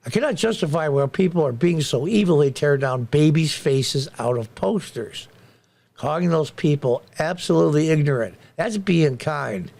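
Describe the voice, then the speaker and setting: A man's voice: fairly high pitch, lively intonation, normal speed, vocal fry, darkish tone. A middle-aged man hosting a commentary show, delivering a blunt, indignant political monologue and repeating phrases for emphasis.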